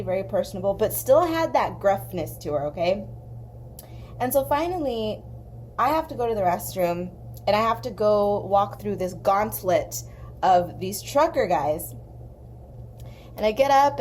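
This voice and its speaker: A young woman from southern California, hosting an art channel, telling a long story in a chatty, animated way while she colors. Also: mid-range voice, slight background noise. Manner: chatty, animated, acts out quoted voices.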